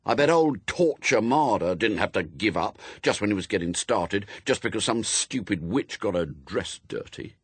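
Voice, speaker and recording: A man's voice: fairly low pitch, lively intonation, normal speed, few pauses, breathy edge, no echo. A man reading aloud, voicing a sulky young boy who grumbles and mutters. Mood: grumbling.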